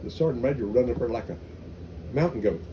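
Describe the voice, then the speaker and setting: A man's voice: medium pitch, fast, noisy background. An older man, a veteran, recalling his army days in an oral history interview, telling anecdotes with many restarts. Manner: rambling anecdotal storytelling with restarts.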